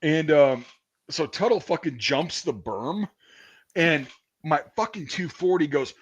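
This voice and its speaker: A man's voice: on the high side, measured pace, slightly rough. A man hosting a casual chat, telling army stories in a loose, profane way. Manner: animated, profane storytelling. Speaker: podcast host. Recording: dull lo-fi sound.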